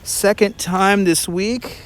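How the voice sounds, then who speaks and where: A man's voice: sits high, steady tone. Chatty Brooklyn man walking outdoors. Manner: chatty, quick, with frequent restarts and laughs. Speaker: tour guide and livestream host. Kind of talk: casual livestream chat while walking. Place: outdoors in a snowy park.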